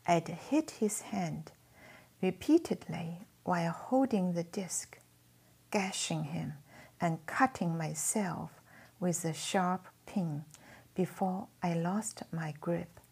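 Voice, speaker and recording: Woman, memoir read-aloud, hushed near-whisper, very slow, breathy. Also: lowish voice. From China. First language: Chinese. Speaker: author reading her memoir.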